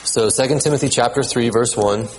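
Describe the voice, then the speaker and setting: A man preaching a sermon in a conversational way, often repeating words and checking in with the congregation, and reading scripture aloud at a measured pace. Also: medium pitch, rough recording. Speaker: pastor.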